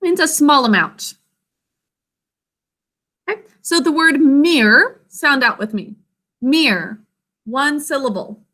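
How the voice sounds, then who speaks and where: Running a spelling lesson with an animated manner, the woman speaks in a high, bright tone, deliberately drawing out words and separating them into sounds and syllables as she dictates.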